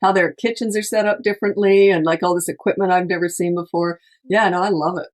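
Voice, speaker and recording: A woman's voice: on the low side, steady tone, fast talker. A middle-aged woman, a parenting coach, giving advice in casual chat, emphatic and chatty, often acting out what parents say. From Canada. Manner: chatty, emphatic, laughs often, acts out quotes. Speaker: parenting coach, podcast host.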